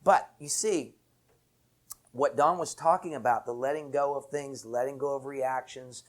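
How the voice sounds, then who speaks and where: A man's voice: medium pitch, a little slow. A man, an enneagram teacher, telling a reflective story with bursts of laughter. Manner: animated anecdote with laughter.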